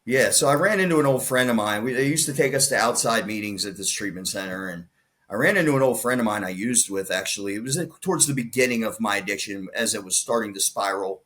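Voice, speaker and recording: A man's voice: lowish voice, quick pace. Man animatedly retelling a story. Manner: animated retelling, acts out quoted dialogue, frequent restarts. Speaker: podcast guest. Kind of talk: storytelling in casual conversation.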